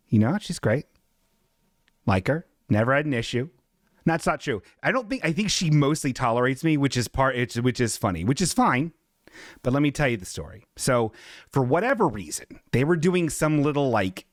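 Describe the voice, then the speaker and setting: A man's voice: mid-range voice, no echo, clean studio sound. A man hosting a podcast, telling a comedic story with sarcastic, self-mocking humor. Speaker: podcast host.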